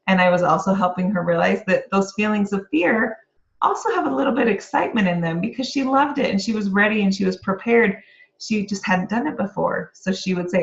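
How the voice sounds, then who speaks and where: A woman's voice: mid-range voice, a little fast, creaky. A middle-aged woman, a real estate agent, giving an upbeat, encouraging motivational talk to the camera. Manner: upbeat and encouraging, breaks into laughter. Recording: roomy, slightly dull lo-fi sound.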